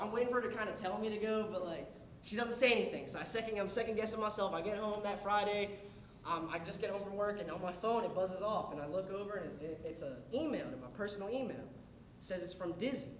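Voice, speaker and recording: A man's voice: sits high, fast talker, far from the mic, background noise. A young man doing a stand-up comedy set in a club, telling a rambling story with restarts and asides. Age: young adult. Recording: echoey club with laughing crowd. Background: audience laughter.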